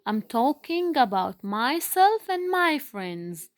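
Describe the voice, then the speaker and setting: Slow-speaking woman teacher, patient. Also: a little high, expressive, no echo. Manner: drawn-out emphasis on key words, patient. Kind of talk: slow, deliberate classroom explanation.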